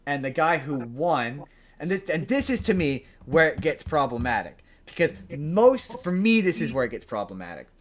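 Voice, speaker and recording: A man's voice: on the high side, normal speed, slight background noise. Man eagerly retelling a movie plot. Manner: rambling, animated plot retelling. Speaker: podcast host. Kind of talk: casual chat.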